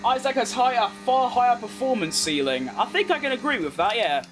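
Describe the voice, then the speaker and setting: A young man with a British accent, chatting casually as he streams a racing game, reacting fast and poking fun at himself. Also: very high voice, sing-song, fairly bright tone. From United Kingdom. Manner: chatty, quick reactions to the race, self-mocking. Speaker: gaming streamer. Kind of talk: live gameplay commentary while reading chat.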